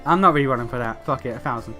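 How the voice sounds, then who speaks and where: A man's voice: mid-range voice, rapid-fire, sharp tone, soft background music. Swearing man streaming a role-playing game. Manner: profane, laughing asides. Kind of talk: casual gameplay commentary.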